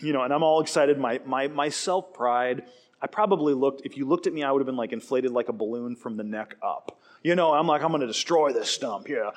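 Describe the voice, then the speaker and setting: A man preaching a sermon, telling stories in an animated way and acting out quoted lines. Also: mid-range voice, a little fast. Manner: animated storytelling with acted quotes. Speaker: pastor.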